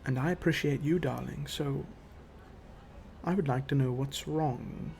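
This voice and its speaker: Man doing a sultry elven patron woman, soft-spoken, teasing, gravelly undertone, slow. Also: medium pitch, faint music behind. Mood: wheedling. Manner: purring, soft-spoken, keeps calling others darling.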